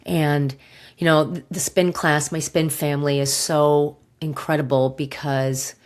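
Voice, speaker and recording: A middle-aged woman hosting a podcast, telling a personal story in an emotional, halting way with sighs and pauses, close to tears. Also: low-pitched, level tone, darkish tone. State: near tears. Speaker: podcast host.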